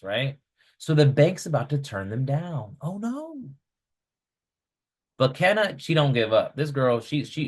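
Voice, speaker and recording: A man coaching real estate investors in a casual, energetic style on a video call, checking in with "right?" all the time. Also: mid-range voice. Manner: energetic, chatty, keeps asking "right?".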